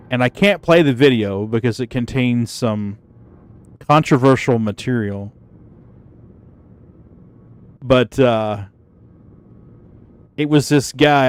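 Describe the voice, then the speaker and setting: A man casually chatting with his stream viewers, telling a story in an animated, profane way and laughing easily. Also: mid-range voice, clean tone. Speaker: gaming livestreamer.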